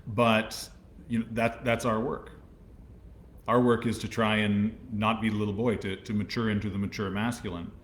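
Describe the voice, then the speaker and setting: A man co-hosting a casual talk show, calm and reflective, restarting his phrases as he thinks. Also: on the low side, normal speed, a little hiss or hum. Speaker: podcast co-host. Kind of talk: casual chat.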